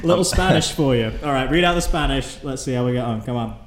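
Fast-talking teasing male game host. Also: mid-range voice, echoey room. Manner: quick, teasing, laughs often. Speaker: interviewer running a translation game. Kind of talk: casual playful chat.

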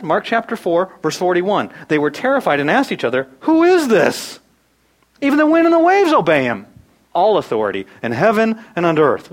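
A man in his thirties preaching a sermon, animated, swinging from loud bursts to hushed asides. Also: on the high side, poor audio. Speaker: pastor.

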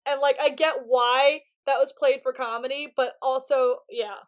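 A woman co-hosting a TV recap podcast, talking in an animated, casual way, swearing freely and acting out lines from the show. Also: sits high, moderate pace. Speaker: podcast co-host. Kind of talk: casual chat.

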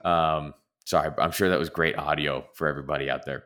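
Super deep voiced guy cohosting a podcast, rambly, keeps restarting sentences. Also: fairly even intonation, brisk, a bit bright. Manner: rambling, self-interrupting. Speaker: podcast co-host. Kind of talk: casual chat about soccer.

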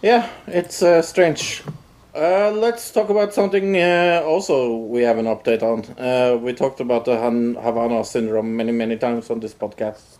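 A man co-hosting a podcast, bringing up topic updates in a casual, halting way with many fillers. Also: mid-range voice, fairly even intonation, darkish tone. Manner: introduces topics with many uhs and short backchannels. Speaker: podcast co-host. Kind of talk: casual news discussion.

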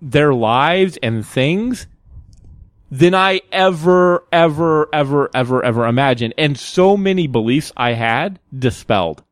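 A man's voice: fairly high pitch, animated, a little slow, dry recording, studio quality. A young man in casual chat, telling a long story in bursts with many fillers and frequent laughs.

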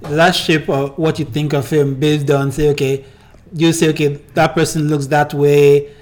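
A man's voice: on the high side, flat delivery, moderate pace. A man hosting a casual chat, asking questions with repeated restarts and explaining ideas. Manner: stammering questions, explaining theories.

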